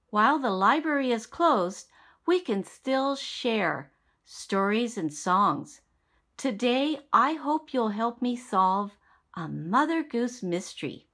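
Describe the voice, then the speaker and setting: A woman's voice: medium pitch, fairly bright tone. A woman as a children's librarian, speaking sing-song and coaxing to small children at storytime.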